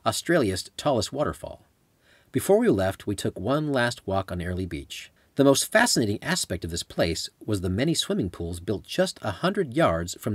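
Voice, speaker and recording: A man reads his travel memoir aloud in a conversational storytelling way. His voice is low and a little husky, with lively rises and falls. The recording is dry and close. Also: dry recording. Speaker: author and narrator. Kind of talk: audiobook memoir narration.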